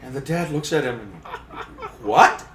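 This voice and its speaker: A man spins a comic fishing yarn with a slightly high voice that swoops up and down. He talks in a lively, playful way. His voice echoes in a large trade show hall with faint noise behind. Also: normal speed. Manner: lively, comic yarn-spinner who acts out quotes. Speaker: fishing magazine editor. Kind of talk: animated storytelling.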